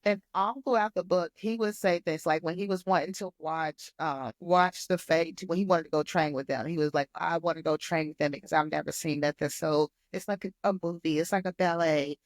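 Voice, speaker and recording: A woman co-host in a casual book podcast, speaking in a somewhat low voice. She sounds relaxed and agreeable, often chiming in briefly. The recording is dry and close. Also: brisk, few pauses, dry recording. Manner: relaxed, agreeable, short backchannel replies.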